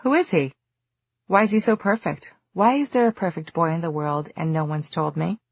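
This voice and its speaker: A woman's voice: on the low side, normal speed, husky, no echo, lo-fi sound. An audiobook reader voicing a cheerful, nosy teenage girl who chirps teasing questions. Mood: teasing bright.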